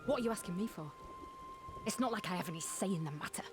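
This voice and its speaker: Bitter soldier woman voiced by a woman, fast and low, game music behind. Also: animated, close to an everyday voice. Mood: dismissive. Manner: curt, dismissive.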